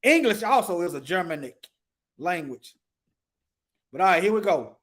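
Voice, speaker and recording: A man's voice: sits high, big pitch swings, normal speed, a bit bright. A man giving casual, emphatic commentary, repeating himself as he points things out on screen. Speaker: commentator showing on-screen material.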